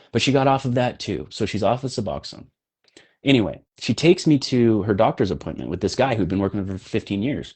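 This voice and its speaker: A man's voice: lowish voice, a little mellow. A man on a podcast, telling stories bluntly and swearing as he talks. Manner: blunt, profane storytelling. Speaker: podcast guest, health coach. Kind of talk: casual podcast conversation.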